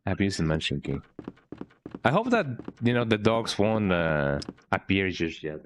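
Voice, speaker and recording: A man with a deep voice and big pitch swings streams a game a little slowly, with slight background noise in the recording. He banters playfully with viewers throughout, turning almost every sentence into a question with "eh?".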